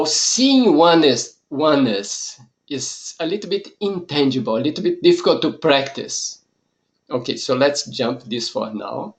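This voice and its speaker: A man who is a monk teaching a yoga course lesson, explaining ideas calmly in short measured phrases. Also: mid-range voice.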